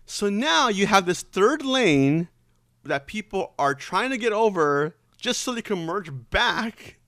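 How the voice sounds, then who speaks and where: A man with a slightly high voice in relaxed conversation, talking in loose, rambling runs full of "like" and restarts. The sound is dry and close, with no room around it. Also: takes it slowly, no room sound. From Southern California. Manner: rambling, filler-heavy, many restarts. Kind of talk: casual chat.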